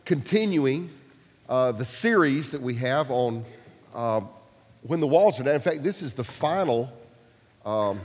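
A pastor preaching a sermon, telling stories casually with humor and acted-out quotes. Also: male voice, mid-range voice, lively intonation, measured pace, pauses often, a little mellow, long reverb tail.

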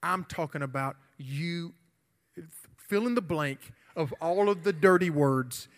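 A man, preaching a youth sermon and telling a story with energetic, shouted bursts. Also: on the high side, measured pace. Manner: animated, shouting during the retold confrontation. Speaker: youth pastor. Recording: hall reverb.

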